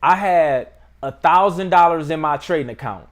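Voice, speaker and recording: A young man hosting a trading channel, telling a story to camera in a relaxed, slangy, casual way from a room indoors. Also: on the high side, normal speed. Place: indoor room with adjustable lighting.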